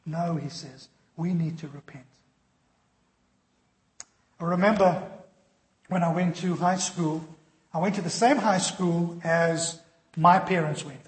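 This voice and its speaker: A man's voice: a little high, reverberant. A man preaching a sermon as pastor, earnest and direct, acting out the voices of people he quotes.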